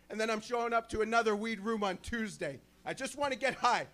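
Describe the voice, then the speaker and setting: A man doing a crude, rambling stand-up set, joking about being high. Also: a little fast, hardly any pauses, a bit bright. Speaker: stand-up comedian. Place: small club stage with a live audience.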